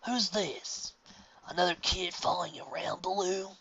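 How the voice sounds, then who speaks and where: A man gives voice to a worn-out old orangutan who wheezes through his words. His speech drops into a breathy, raspy whisper and moves slowly, as if each breath costs him. The bright tone sits in a dull, lo-fi recording. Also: high voice, fairly even intonation, pitched above the performer's own voice, exaggerated voice. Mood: wheezy. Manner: slow, wheezing, short of breath. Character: frail ancient male orangutan bar owner.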